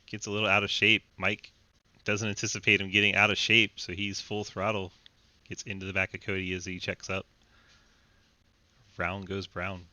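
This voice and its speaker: A man's voice: deep voice, bright, forceful tone, no echo. A man calling a sim racing event as commentator, casual and joking, laughing often. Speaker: race commentator.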